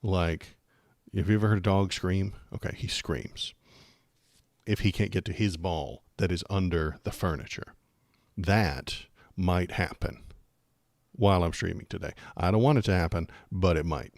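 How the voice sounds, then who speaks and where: A man's voice: low voice, normal speed, creaky, dry recording, studio quality. A man hosting a political livestream, chatting casually and rambling with jokes and lots of fillers.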